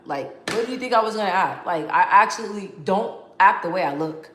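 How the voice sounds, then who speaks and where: A woman's voice: mid-range voice, quick pace, hardly any pauses, pushed and bright, a little hiss or hum. A young adult woman talking candidly in a casual vlog, emotional and rambling, with frequent restarts and repeated words. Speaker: vlogger. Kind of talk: casual heartfelt vlog talk. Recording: roomy echo.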